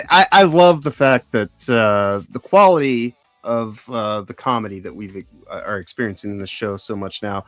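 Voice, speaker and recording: A man's voice: medium pitch, dry recording. A man with a middling voice chats about a show on a live stream. He searches for his words and fills the gaps with "uh". The sound is dry and close, with faint guitar music under it. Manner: halting, with many fillers while making a point. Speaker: podcast co-host. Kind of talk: casual livestream review chat.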